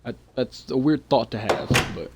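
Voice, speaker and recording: A man's voice: medium pitch, lively intonation, normal speed, heavy background noise. Joking man reading game dialogue aloud. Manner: reads dialogue choices aloud and jokes. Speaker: gaming YouTuber. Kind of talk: casual gameplay commentary.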